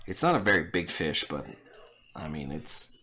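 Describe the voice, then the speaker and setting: A man with a very deep voice guides the table as game master. He describes the scene in a relaxed, easygoing manner. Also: moderate pace.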